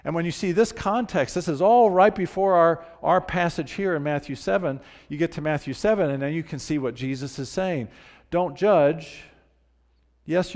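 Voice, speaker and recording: Older male pastor preaching in a reverberant church. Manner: emphatic preaching, dropping soft and low for moving parts. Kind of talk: sermon. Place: church sanctuary. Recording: church livestream with long hall reverb.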